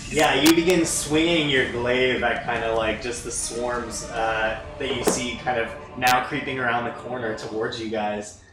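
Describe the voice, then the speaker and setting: A man's voice: mid-range voice, steady tone, moderate pace. A man narrating a tabletop game as game master, in a loose style with many fillers and chuckles. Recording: echoey room, distant mic, music.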